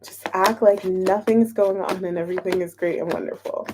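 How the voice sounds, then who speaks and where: A woman's voice: medium pitch, steady tone, normal speed, noisy background. A woman giving a casual, playful tarot reading, chatting openly and emotionally as she shuffles and pulls cards. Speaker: tarot reader.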